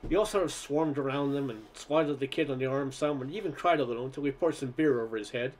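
A man's voice: medium pitch, fast, slight background noise. A man reading a first-person story aloud in a conversational way, with occasional stumbles. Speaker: narrator.

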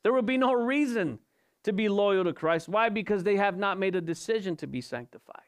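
A male pastor delivers an evening sermon at a church service, his voice sitting high, expressive and a little fast. He poses rhetorical questions and repeats his points for emphasis.

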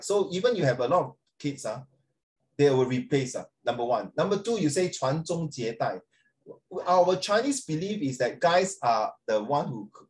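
A man's voice: fairly high pitch, darkish tone. A middle-aged man, teaching a class in a rambling, chatty way, switching into Mandarin and calling on students by name. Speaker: secondary school English teacher. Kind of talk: classroom lecture, talking off the cuff.

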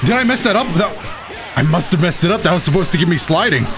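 A young man giving excitable, self-mocking live commentary while playing a fighting game. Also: sits high, quick pace. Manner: excitable, self-mocking, shouts at big plays. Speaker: gaming YouTuber. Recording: game music playing behind. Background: game music.

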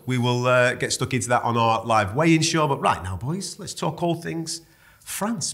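A man presenting a sports preview show, chatty and brisk as he steers the panel. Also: mid-range voice.

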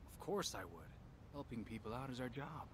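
A man's voice: medium pitch, sing-song, fairly quick, noisy background, natural voice. A man playing a casual, dismissive police sergeant in a video game, talking in an offhand, laid-back way.

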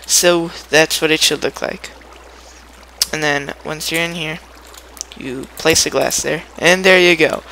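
A man's voice: fairly high pitch, fairly even intonation, a little slow, creaky, pushed and bright, slight background noise, poor audio. A young man giving a casual, rambling gameplay tutorial, playful and chatty, humming little sound effects as he builds.

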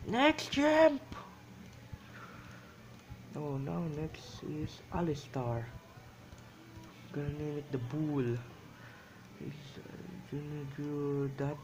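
Slow-talking man chatting while he draws. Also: a little high, steady tone, over music, rough recording. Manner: chatty, self-amused, broken English phrasing. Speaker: drawing vlogger. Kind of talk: rambling commentary while drawing.

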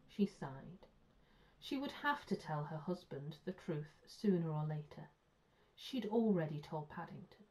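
Mellow-voiced woman reading a storybook. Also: sits low, measured pace. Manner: clear, expressive storytelling. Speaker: primary school teacher. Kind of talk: storybook read-aloud. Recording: muffled lo-fi sound.

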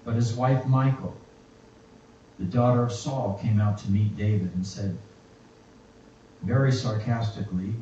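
A man preaching a sermon and reading scripture aloud in a slow, reflective way. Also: fairly low pitch, fairly even intonation, dark tone, slight background noise. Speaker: pastor. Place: church. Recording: echoey, distant, muffled church recording.

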